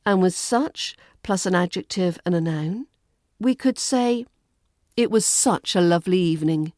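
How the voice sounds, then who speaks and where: Slow, deliberate British woman teaching. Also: lowish voice, a little mellow, dry recording, clean studio sound. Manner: clear, deliberate teaching delivery. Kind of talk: podcast lesson.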